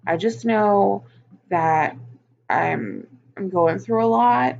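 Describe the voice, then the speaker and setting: A woman's voice: medium pitch, unhurried, gravelly, a little mellow, dull audio. A woman talking frankly on her personal vlog, venting about her week and swearing often. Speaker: vlogger.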